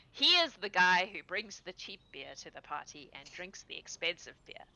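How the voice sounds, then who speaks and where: Woman game master, bright lowish voice, loose chatty narration with laughs. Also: creaky, slight background noise, poor audio. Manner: casual, laughing, quick asides.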